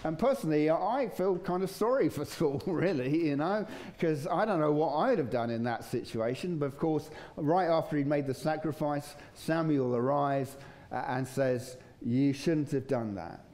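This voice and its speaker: In a church, a pastor with a slightly high, expressive, a little mellow voice preaches a sermon in a casual, conversational way at normal speed. He chuckles now and then and acts out voices in his stories.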